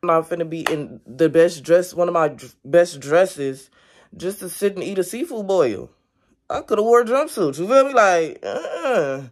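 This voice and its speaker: In a home vlog recorded indoors on a stand-mounted camera, a young woman addresses her viewers directly in a relaxed, chatty way. Her voice is lowish and expressive, at a normal speed.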